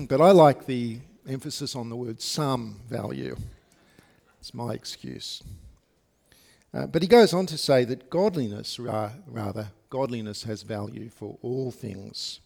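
Gravelly-voiced male pastor. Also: mid-range voice, takes it slowly, darkish tone. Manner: conversational, with frequent fillers and asides to the congregation. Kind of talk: sermon. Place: church service.

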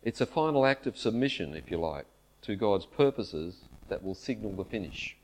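A man preaching a sermon at a church camp, earnest and measured, leaning into his scripture quotes. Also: on the low side, animated. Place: church camp meeting hall.

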